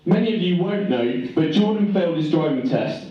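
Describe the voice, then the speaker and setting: A man's voice: a little high, expressive, moderate pace, lo-fi sound. A man giving a joking, teasing wedding speech as best man. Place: wedding reception hall. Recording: echoey hall from far off, noisy.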